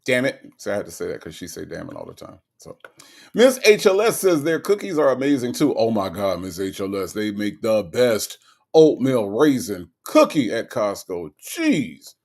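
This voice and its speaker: A man hosts a relaxed livestream and greets his chat viewers one by one. His low voice has a gravelly edge. His pitch swings widely as he reacts to each comment. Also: moderate pace. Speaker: livestream host.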